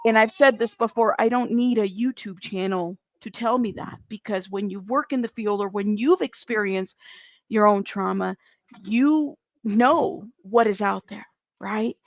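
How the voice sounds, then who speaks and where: A woman's voice: medium pitch, a little slow, no echo. Earnest woman guest on a dull call line. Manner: earnest, explaining with many fillers. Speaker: social worker guest. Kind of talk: casual call-in conversation. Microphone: remote call audio, not on camera.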